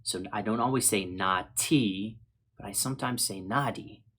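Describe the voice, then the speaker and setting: An American man hosting an English vocabulary lesson, speaking in a friendly, slow and deliberate way as he repeats words for learners. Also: lowish voice, a bit bright, breathy edge. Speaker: English teacher.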